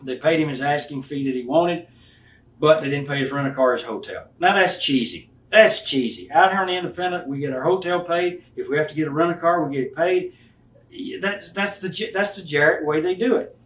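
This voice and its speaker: A man in his fifties who wrestled professionally speaks fairly quickly in a slightly high, a bit bright voice. In this candid interview he's blunt and profane, performing the people he talks about. The recording has an echoey room, a distant mic, and faint hiss.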